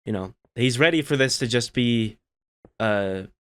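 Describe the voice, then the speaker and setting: Male gaming host, relaxed storyteller, rambling easygoing delivery, smooth voice at an average pitch. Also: measured pace. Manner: meandering, laid-back, many "you know" fillers. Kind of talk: relaxed gameplay commentary with storytelling.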